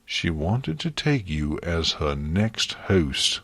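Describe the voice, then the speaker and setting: A man's voice: lowish voice, expressive, takes it slowly, a bit bright, slightly rough, no room sound, heavily acted. A man reading an audiobook, voicing a stern, bitter pony princess of the night who speaks harshly and curtly. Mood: grim.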